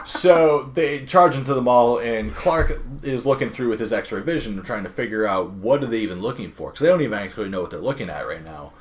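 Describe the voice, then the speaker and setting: A man's voice: mid-range voice, expressive, brisk, few pauses, a little hiss or hum. Young male podcast host, loose filler-heavy comic recap, quotes characters in passing. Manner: rambling, filler-heavy, acts out characters' lines. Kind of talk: casual chat recapping a comic.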